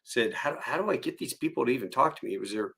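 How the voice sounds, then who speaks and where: Male podcast host, relaxed and chatty, mid-pitched voice. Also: quick pace, vocal fry, husky. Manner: easygoing, laughs along, chatty asides. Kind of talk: casual interview questions.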